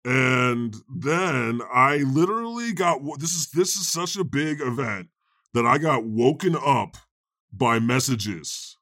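A man playing God as a casual, deadpan talk-show host in an improvised comedy show. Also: mid-range voice, slow pace, dry recording, clean studio sound, full character voice.

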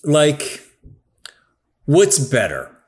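A man's voice: fairly high pitch, wildly swooping pitch, extremely slow, darkish tone. A man talking in a casual, emphatic chat, swearing now and then.

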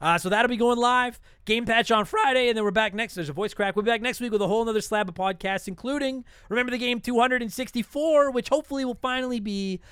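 A man's voice: extremely high pitch, quick pace, few pauses, fairly bright tone, clear, resonant tone, dry recording. A man hosting a podcast, signing off casually with an irreverent, swearing manner and rattling off long lists of names. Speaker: podcast host.

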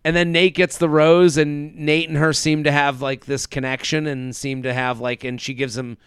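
A higher-pitched man with a smooth, clear voice chats casually as a podcast co-host. He acts out quotes with playful voices. The sound is dry and close, with no room echo. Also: level tone, moderate pace. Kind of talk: casual recap chat.

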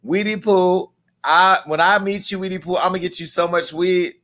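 A man hosting a commentary vlog, talking in an animated, profane, joking way about gossip and the news. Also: high voice, a little fast.

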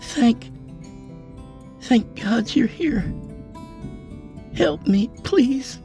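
A man's voice: very high voice, expressive, very slow, gravelly, dark tone, faint music behind, voice pushed up, exaggerated voice. A man voicing a wounded young woman who pleads desperately for help. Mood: pleading. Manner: begging, desperate.

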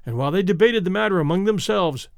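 A male audiobook narrator with a fairly high, gravelly voice that swoops widely as he reads. The reading is measured and expressive, with deliberate pauses, recorded close and dry. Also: dry recording. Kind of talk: scripted narration of classic short stories.

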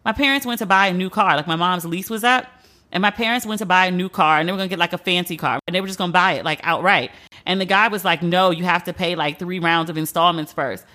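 A woman's voice: on the low side, fast, sharp tone. A young woman hosting a podcast, ranting in a blunt, profane, casual way with mock disbelief. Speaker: podcast host. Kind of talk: casual comedic rant.

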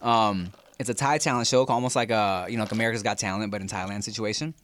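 A man in casual podcast chat, telling animated stories and mimicking voices. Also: on the low side, quick pace, no room sound, clean studio sound. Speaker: podcast co-host.

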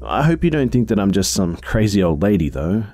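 A man voicing a kindly, hospitable old woman in a narrated horror story, speaking softly and reassuringly. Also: lowish voice, big pitch swings, brisk, voice pushed up.

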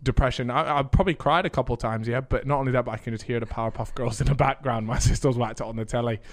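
A man in casual podcast chat, telling animated childhood stories and laughing often. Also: mid-range voice, fast. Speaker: podcast host.

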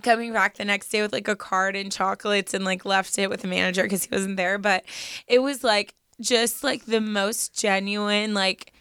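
A woman's voice: medium pitch, fairly even intonation, moderate pace, pushed and bright, smooth, dry recording, clean studio sound. A young woman co-hosting a podcast, chatting casually and heartfelt, with lots of "like" fillers. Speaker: podcast co-host. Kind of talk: casual chat.

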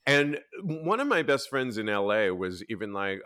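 This podcast host has a medium-pitched voice and a moderate pace with few pauses, and his tone is clean against clean studio sound with no room noise. Chatting casually, he tells lively stories, performs the quotes, and curses a lot.

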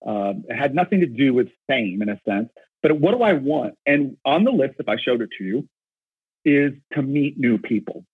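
A man with a husky, slightly rough voice talks eagerly and at length, stumbling over and restarting his words as he tells a story. The sound is dry and squeezed through a narrow, phone-like band. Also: medium pitch, animated, moderate pace, no echo. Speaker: concert photographer. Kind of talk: storytelling in an interview.

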